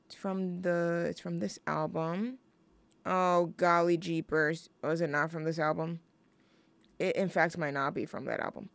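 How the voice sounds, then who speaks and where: A woman's voice: on the low side, fairly even intonation, a little slow, vocal fry, dry recording. A young woman hosting a student radio show, chatting casually between songs in a rambling, self-deprecating, jokey way. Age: young adult.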